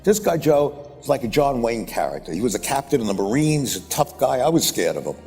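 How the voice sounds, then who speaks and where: Older man, mellow voice, rambling blunt anecdote, long hall reverb, faint music. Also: sing-song, a little fast. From United States. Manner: rambling, blunt and profane, with repeated "boom, boom, boom". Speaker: investor speaking at a conference. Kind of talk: anecdotal storytelling. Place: conference stage.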